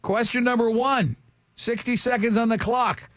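A man's voice: extremely high pitch, fairly even intonation, moderate pace, fairly bright tone, no echo, clean studio sound. A man hosting a morning radio show, joking and teasing a caller through a quiz.

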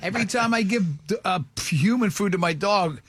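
A man in his sixties hosting a radio show, telling stories in an animated, excitable way. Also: high voice, moderate pace, slightly rough. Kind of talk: casual chat. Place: radio studio.

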